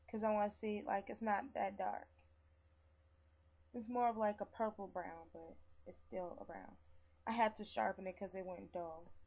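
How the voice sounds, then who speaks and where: A young woman vlogger, chatty and rambling, swearing freely as she gives shout-outs and walks through her everyday makeup routine at home. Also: mid-range voice. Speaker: beauty vlogger. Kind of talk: casual makeup tutorial. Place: at home after work.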